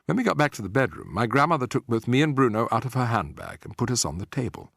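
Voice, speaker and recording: A man narrating an audiobook in an expressive, theatrical manner. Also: medium pitch, fast, creaky, no room sound, studio quality. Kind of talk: scripted narration.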